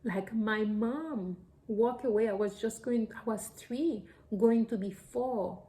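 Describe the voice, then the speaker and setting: Slow, mellow-voiced mother sharing heartfelt story. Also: on the high side, rough recording. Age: adult parent of young children. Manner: earnest and emotional, speaks in simple, loosely structured English. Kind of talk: heartfelt personal vlog to viewers.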